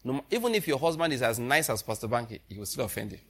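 A man's voice: mid-range voice, very animated, rapid-fire, gravelly, a bit bright. A man preaching a sermon in a loose, conversational way, often breaking into laughter as he tells stories. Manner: laughs often, chuckling storyteller. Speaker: pastor.

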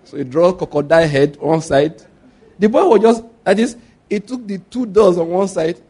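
Higher-voiced preacher, call-and-response. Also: male voice, normal speed, slightly rough. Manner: animated storytelling with call-and-response questions; laughs often while preaching. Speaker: pastor. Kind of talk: sermon.

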